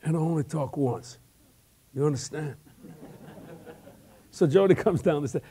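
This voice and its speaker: Folksy older preacher with a higher voice. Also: male voice, measured pace, slight background noise. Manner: folksy, animated, repeats words while telling stories. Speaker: evangelist preacher. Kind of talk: humorous storytelling sermon.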